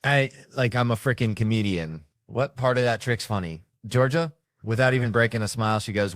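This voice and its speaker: A man's voice: on the low side, fairly quick, no echo, clean studio sound. A middle-aged man telling crude parenting stories in a stand-up routine, acting out his kids' lines. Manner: brash, profane storytelling with acted-out quotes. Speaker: stand-up comedian.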